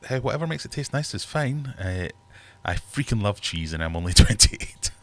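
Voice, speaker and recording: Deep-voiced British man chatting on a livestream. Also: big pitch swings, moderate pace, fairly bright tone, a little hiss or hum. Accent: British English. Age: 30s. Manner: rambling, joking, reads out chat comments. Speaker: livestream host. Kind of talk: casual livestream chat. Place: home fish room.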